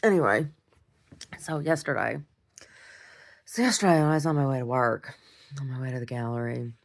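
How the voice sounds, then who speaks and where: A woman's voice: rumbling low, moderate pace, creaky. A woman rambling through a casual, self-deprecating video diary at home. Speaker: video diarist.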